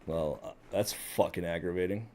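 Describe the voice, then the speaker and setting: A man's voice: low voice, normal speed, dark tone, a little hiss or hum. A man streaming a game, muttering and swearing as he works out the controls. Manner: profane, swears a lot, frustrated muttering. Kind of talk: casual gaming commentary.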